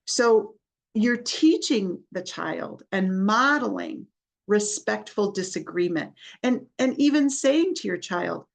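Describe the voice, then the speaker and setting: Slow-talking woman with a gravelly edge. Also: mid-range voice, lively intonation. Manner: earnest, explanatory, with many restarts and acted examples. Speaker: therapist and podcast host. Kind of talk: podcast talk giving parenting advice.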